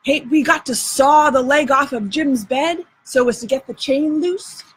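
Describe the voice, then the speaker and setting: A woman's voice: high-pitched, measured pace, background noise. A woman reading aloud and voicing a bossy, show-off boy adventurer in a drawling folksy dialect. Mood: lecturing.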